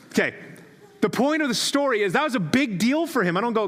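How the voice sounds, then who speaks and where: Guy in his 30s preaching, casual and self-deprecating, higher voice, big echoey church sound. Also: expressive, a bit bright. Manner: conversational, self-deprecating storytelling with quick asides. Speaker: pastor. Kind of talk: sermon. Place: church sanctuary. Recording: long reverb of a church hall.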